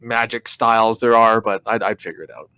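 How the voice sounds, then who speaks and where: A man's voice: on the low side, steady tone, fairly quick, pushed and bright, smooth, dry recording. Young man, podcast co-host, rambling, profane, dry close sound. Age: young adult. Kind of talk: casual chat.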